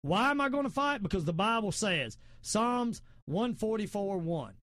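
Fervent Southern host, middle-aged, high-pitched, preaches in repeated emphatic lines. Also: male voice, big pitch swings, moderate pace, fairly bright tone, no echo, clean studio sound. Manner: repetitive, emphatic, quotes scripture. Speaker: podcast host. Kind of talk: fervent preachy political talk.

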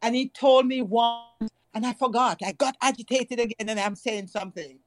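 A middle-aged Jamaican woman in casual chat, telling stories in an animated way and laughing often. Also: on the high side, normal speed, no room sound. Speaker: guest.

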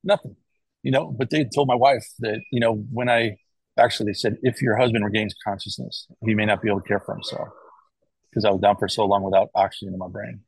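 A middle-aged man from the United States with a husky, somewhat low voice, talking through his story in a loose, rambling way. He keeps restarting sentences and checking in with a quick "right?", and the recording sounds dry and close. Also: steady tone, dry recording, rough recording. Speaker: guest, cardiac arrest survivor. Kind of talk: casual interview talk.

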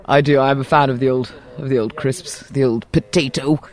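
A woman's voice: a bass voice, normal speed. A woman with a posh English accent hosting a podcast, teasing her guest in casual chat outdoors at a tennis venue. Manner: playful, teasing, animated. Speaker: podcast host. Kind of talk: casual chat interview on site.

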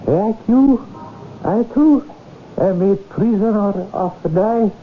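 An actor in a 1970s radio drama playing a serene mystic guru who speaks in slow, grave, oracular phrases. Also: medium pitch, lightly acted. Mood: solemn. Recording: tinny old radio broadcast, faint hiss.

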